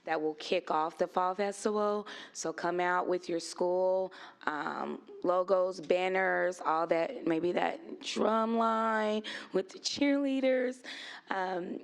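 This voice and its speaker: A woman with a notably low voice speaks slowly and deliberately, making encouraging announcements in a school board meeting room. She keeps an upbeat, friendly tone. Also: gravelly, clean tone.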